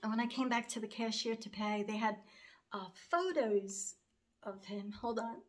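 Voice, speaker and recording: A woman's voice: a little high, fairly even intonation, normal speed. A middle-aged woman telling a personal story in a casual vlog, rambling and heartfelt, her voice wavering toward tears. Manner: rambling and heartfelt, with frequent fillers and restarts. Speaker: cross-stitch vlogger.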